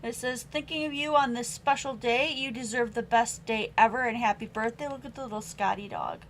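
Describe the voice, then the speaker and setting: A woman's voice: fairly high pitch, fairly quick, a bit bright, a little hiss or hum, rough recording. A young adult woman hosting a live-streamed craft supply sale at home, chatting as she reads out stamp sentiments and prices. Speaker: online craft sale host. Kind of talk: live-stream sales chat.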